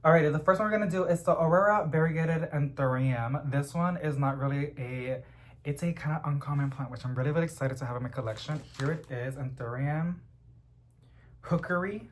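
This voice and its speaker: A young man chatting casually at home about plants he is unboxing, rambling and getting excited as he goes. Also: fairly high pitch, fairly quick, a little hiss or hum. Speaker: plant vlogger.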